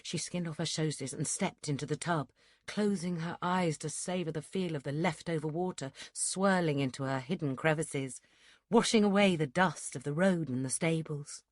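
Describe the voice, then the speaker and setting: A woman narrating a historical romance audiobook in a steady, measured storytelling manner. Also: low-pitched, no room sound, clean studio sound. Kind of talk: scripted narration.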